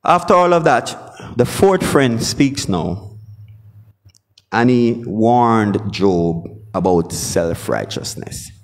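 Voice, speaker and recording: A man's voice: medium pitch, lively intonation, slow pace. A man preaching a sermon, often calling out for responses from the congregation. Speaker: pastor.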